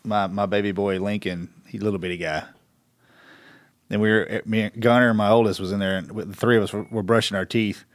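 A man's voice: fairly low pitch, steady tone, a little fast, no echo. A man co-hosting a podcast who tells stories in a laid-back, casual way. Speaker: podcast co-host. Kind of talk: casual chat.

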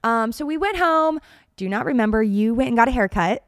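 A woman's voice: fairly high pitch, brisk, clean tone, dry recording. Chatty young woman, dry close mic. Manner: animated and chatty, laughs often. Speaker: podcast co-host. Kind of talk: casual storytelling chat.

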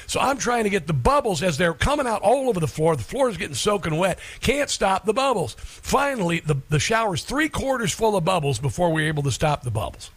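Halting, reflective male radio host. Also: high-pitched, fairly bright tone, no echo. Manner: halting, many restarts and fillers. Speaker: radio talk show host. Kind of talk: personal story on talk radio.

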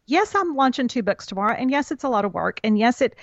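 A woman co-hosting a podcast, telling stories in a chatty, animated way. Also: a little high, fast, creaky, dry recording, muffled recording. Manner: chatty storyteller, quotes others with emphasis. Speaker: podcast co-host. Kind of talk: casual chat.

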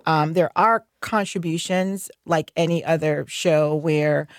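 Her low voice is steady and slow, and the recording is dry with clean studio sound. She's a North Carolina woman working as a licensed general contractor, speaking openly on the radio, chatting, laughing a lot and filling pauses often.

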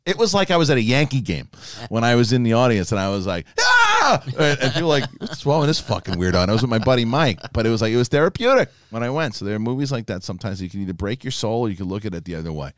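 A man's voice: medium pitch, racing, dry recording, studio quality. A man co-hosting a casual live show, reading viewer messages and telling rambling stories. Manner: rambling, animated storytelling. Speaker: co-host. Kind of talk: casual live-stream chat.

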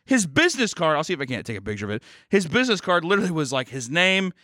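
A podcast co-host tells a story in a casual, profane way, animatedly acting out other people's voices. His voice is on the high side and very fast, recorded with clean studio sound and no echo.

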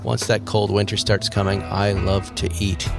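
A man's voice: lowish voice, little pitch movement, moderate pace, creaky, over music. A man hosting a podcast, teasing and laughing, who also reads ads in a casual way. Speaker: podcast host. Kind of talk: casual chat and ad read.

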